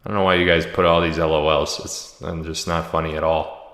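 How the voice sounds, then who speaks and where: A man with a low, deep voice runs a loose, joking livestream from home, reading out viewers' comments and hometowns. His voice bounces around an echoey room with a long, lingering reverb. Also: little pitch movement, fairly quick. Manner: joking, reads viewer comments and shout-outs aloud. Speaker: livestream host. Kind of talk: casual livestream chat.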